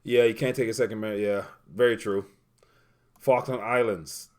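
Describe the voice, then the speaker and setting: A man's voice: fairly low pitch, moderate pace, darkish tone. A man hosting a casual livestream, reading viewer comments aloud and rambling while he looks things up. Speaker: livestream host.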